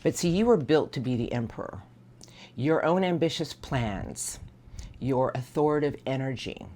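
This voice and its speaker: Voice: mid-range voice, lively intonation, normal speed, a little mellow. A tarot reader giving an earnest, encouraging monthly reading. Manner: earnest, encouraging, speaks to an unseen source.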